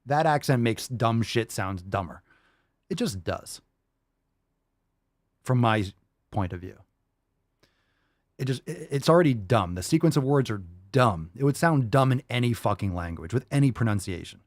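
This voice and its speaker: A man's voice: mid-range voice, expressive, moderate pace, pauses often, no room sound, clean studio sound. A man hosting a livestream podcast, ranting casually in a profane, emphatic and repetitive way. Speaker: podcast host.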